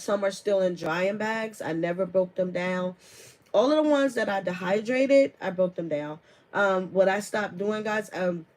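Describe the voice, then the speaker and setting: A woman's voice: medium pitch, rough recording. A woman herbalist hosts a casual live stream in a mid-range voice. She talks loosely, with plenty of fillers. She keeps breaking off to read and answer viewer comments. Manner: chatty, laughs often, many fillers; reads viewer comments aloud and answers them.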